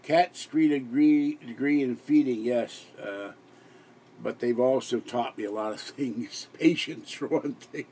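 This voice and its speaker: A man's voice: medium pitch, unhurried, mellow, slightly rough. An exhausted older man who hosts a live stream, rambling and giggling with many restarts late at night. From Pittsburgh area. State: exhausted, sleep-deprived.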